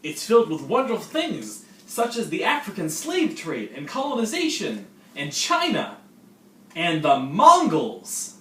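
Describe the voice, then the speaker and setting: A pompous, loud know-it-all teen senior, put on by a young man who talks down to everyone. His voice is pushed high and loud. It sounds distant and roomy, with faint noise underneath. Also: wildly swooping pitch, unhurried, exaggerated voice. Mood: patronizing. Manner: loud and patronizing.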